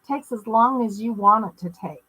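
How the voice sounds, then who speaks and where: A woman's voice: a little high, moderate pace, fairly bright tone, poor audio. A middle-aged woman giving a live-streamed teaching talk on personal growth, explaining in a conversational way with personal anecdotes and asides to viewers. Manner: greets viewers mid-talk. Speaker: spiritual wellness teacher.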